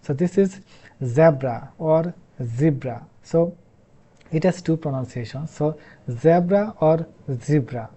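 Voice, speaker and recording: Slow Bangladeshi man teaching English sounds. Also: fairly high pitch, mellow, breathy edge. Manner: halting, repeats sounds over and over. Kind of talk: explanatory lesson.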